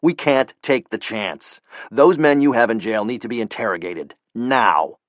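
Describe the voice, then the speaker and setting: A man's voice: mid-range voice, a little slow, no echo, muffled recording, close to an everyday voice. A man voicing a blunt, furious male CIA operative who curses and speaks with cold anger. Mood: angry.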